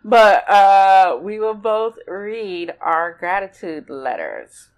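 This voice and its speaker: An older woman co-hosting a talk show, reading a personal letter aloud in a measured, deliberate way. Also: mid-range voice, very animated, darkish tone, highs cut off. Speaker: podcast co-host.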